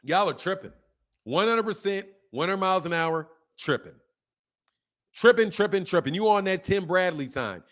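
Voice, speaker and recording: With a high-pitched, slightly bright voice, lively intonation and a moderate pace, this boxing channel host rants heatedly at his audience. He swears, repeats his points relentlessly, and reads out comments from viewers.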